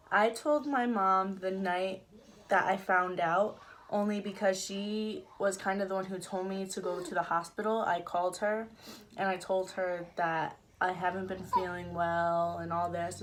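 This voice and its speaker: A woman's voice: medium pitch, fairly even intonation, unhurried, slight background noise. A young woman vlogging, telling a personal story casually, with frequent fillers and the odd laugh. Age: young adult. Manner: chatty, laughs now and then, many fillers.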